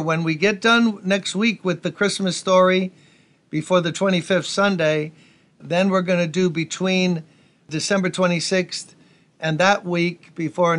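High-voiced energetic pastor, a man. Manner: folksy, energetic, asides to the congregation. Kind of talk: sermon.

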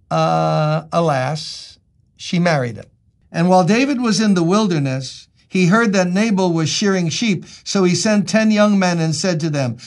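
A man's voice: on the high side, moderate pace, creaky. A man preaching a sermon as a pastor, telling the story in a conversational, joking way.

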